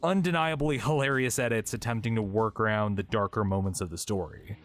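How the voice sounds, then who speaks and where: A man's voice: lowish voice, brisk, music in the background. A man giving scripted video essay narration with a wry, dry delivery.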